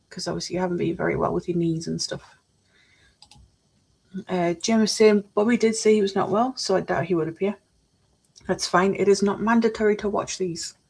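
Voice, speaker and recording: A woman's voice: mid-range voice, vocal fry, darkish tone, slightly rough. A woman chatting casually on a live stream, reading out chat messages while she builds a model kit at her desk.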